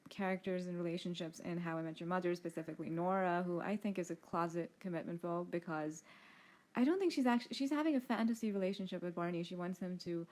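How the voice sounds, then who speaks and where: A woman's voice: on the low side, fast, darkish tone. A woman talking casually and opinionatedly about TV characters.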